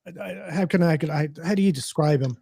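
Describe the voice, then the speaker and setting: Dude on a podcast, kinda halting, starts over a lot, slightly high voice, dry sound. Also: male voice, creaky, mellow, slightly rough, no room sound. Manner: halting, restarts sentences. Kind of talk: casual podcast banter.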